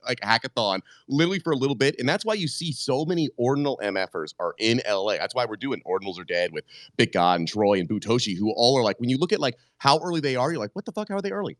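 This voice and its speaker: Loud, fast-talking excitable man. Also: mid-range voice, dry recording. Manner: excitable, loud, swears freely. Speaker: podcast guest host. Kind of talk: casual podcast storytelling.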